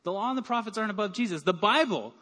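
A man preaching a sermon as pastor, lively and talking with his hands, acting out quotes. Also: sits high, racing. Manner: animated, acts out quoted voices.

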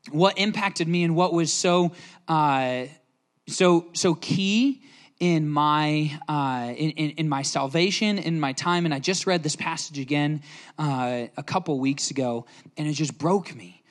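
A young man preaching as a youth pastor, telling a personal story earnestly and emotionally, with many restarts. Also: on the high side. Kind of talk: sermon.

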